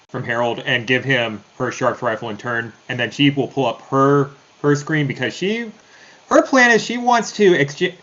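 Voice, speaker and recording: A man playing a tabletop game online, talking in an animated way about his character's plans. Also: medium pitch, lo-fi sound. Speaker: player. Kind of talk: casual tabletop play.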